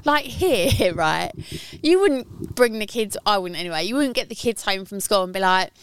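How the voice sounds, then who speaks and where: A woman's voice: mid-range voice, animated, moderate pace, clean tone, no room sound. Chatty woman co-hosting outdoors. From United Kingdom. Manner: chatty, laughing, trailing off with fillers. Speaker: podcast co-host. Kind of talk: casual chat. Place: outdoors in a garden.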